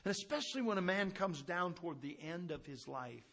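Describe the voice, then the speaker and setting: A middle-aged man preaching a sermon, telling stories and swinging between hushed asides and raised, emphatic preaching. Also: fairly high pitch, animated, fairly quick.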